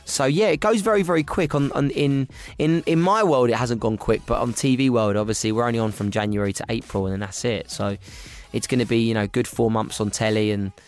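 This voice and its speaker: A man chatting as a guest on a radio show, cheerful and quick to laugh, often repeating his words. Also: mid-range voice, fairly even intonation. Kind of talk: casual radio chat.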